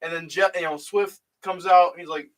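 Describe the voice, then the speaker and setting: A young YouTube host with a high-pitched voice retells a video during a casual chat, rambling and filling his speech with "like" and "you know." He talks fairly quickly with fairly even intonation, and his voice sounds a bit off a distant mic.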